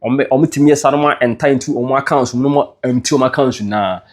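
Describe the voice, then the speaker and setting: A man's voice: medium pitch, fast. A man with a Ghanaian accent, a news presenter retelling entertainment gossip in a storytelling way, dropping English words into his speech.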